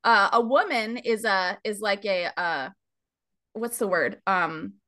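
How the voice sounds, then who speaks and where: Bright upbeat woman host. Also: medium pitch, takes it slowly. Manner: upbeat, chatty, laughs often. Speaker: podcast host and stylist. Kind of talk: casual podcast talk with ad read.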